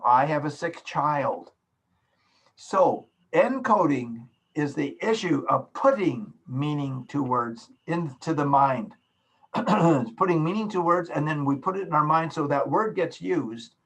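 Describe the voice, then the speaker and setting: A man's voice: fairly high pitch, animated, unhurried, fairly bright tone, husky. A man teaching a class as professor over a video call, patiently explaining with simple everyday examples. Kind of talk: online lecture. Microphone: computer mic on a video call.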